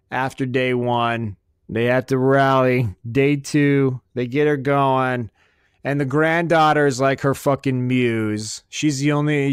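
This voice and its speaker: A man's voice: medium pitch, smooth, no room sound, studio quality. A man hosting a podcast, ranting crudely and sarcastically and swearing constantly. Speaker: podcast host. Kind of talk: profane comedic rant.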